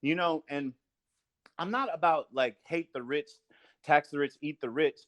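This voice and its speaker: A man's voice: on the high side, unhurried, a bit bright, dry recording. A man hosting a podcast in casual discussion, earnest and building his points through repetition. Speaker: podcast host.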